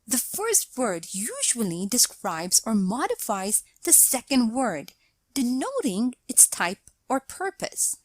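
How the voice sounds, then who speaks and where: A woman narrating a scripted grammar lesson, explaining slowly and deliberately and reading out example sentences. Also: on the high side, sing-song, dry recording. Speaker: English teacher.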